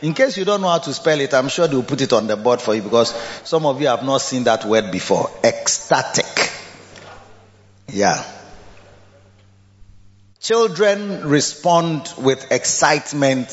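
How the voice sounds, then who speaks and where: Animated preacher in a reverberant hall. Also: male voice, mid-range voice, unhurried. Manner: animated, repetitive, laughs often, coaxes listeners to repeat. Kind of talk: sermon. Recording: dull lo-fi sound in a reverberant hall with faint music.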